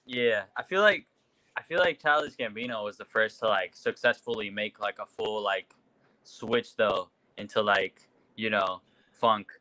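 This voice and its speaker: A man's voice: fairly low pitch, unhurried, pushed and bright, no echo, rough recording. A man co-hosting a podcast, speaking casually and hesitantly, with many fillers. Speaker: podcast co-host.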